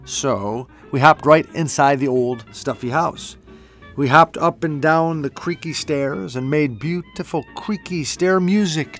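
A man narrating a children's storybook in a gentle, playful read-aloud. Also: a little high. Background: faint music.

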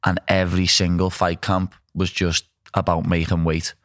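Deep-voiced man. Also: flat delivery, normal speed, dry recording, studio quality. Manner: rambling, blunt, laughing. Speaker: pro fighter. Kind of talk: casual chat.

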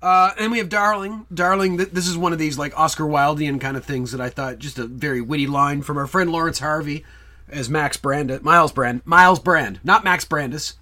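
Bright-voiced man chatting about films. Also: fairly high pitch, moderate pace. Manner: rambling, quotes movie lines in put-on voices. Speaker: podcast co-host. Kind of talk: casual film chat.

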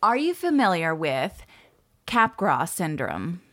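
A woman with a slightly low voice co-hosts a casual podcast from home. She talks in a playful, self-mocking way and laughs often. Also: big pitch swings, slow, fairly bright tone. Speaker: podcast co-host. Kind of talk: casual chat. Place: home, by the deck doors.

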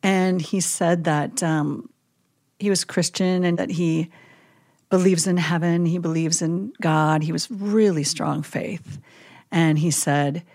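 A woman chaplain telling a vivid story in a casual podcast chat, animated and full of "like" and "you know". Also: deep voice.

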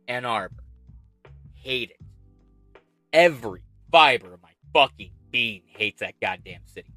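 A man's voice: mid-range voice, expressive, moderate pace, pauses often, fairly bright tone, no room sound, soft background music. A man hosting political commentary, reading an article aloud and ranting over it with heavy swearing and sarcasm.

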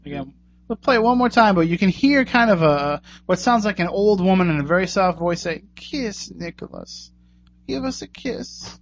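A radio talk show host with a high, brisk voice rambles casually as he wraps up the show. He's chatty, thanking his guests and plugging contact details. The recording sounds muffled, with a faint hum.

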